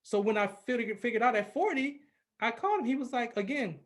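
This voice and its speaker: A man's voice: very high-pitched, animated, brisk. A man in his forties from California, a radio personality and podcast guest, speaking earnestly and with emphasis as he tells a personal story in casual conversation. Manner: earnest and emphatic, acts out quoted voices.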